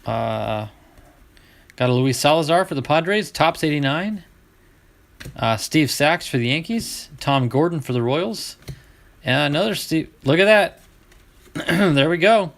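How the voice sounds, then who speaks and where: A man's voice: fairly high pitch, fairly bright tone. A middle-aged man hosting a live baseball card break, chatting casually with his viewers as he sorts cards. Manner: chatty, talks to chat viewers while sorting cards.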